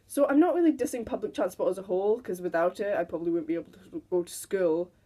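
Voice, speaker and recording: Talking fast in a fairly low, dark voice, a teenage girl vlogs her stories to camera. She is chatty and giggly, occasionally putting on voices to mimic the people she quotes.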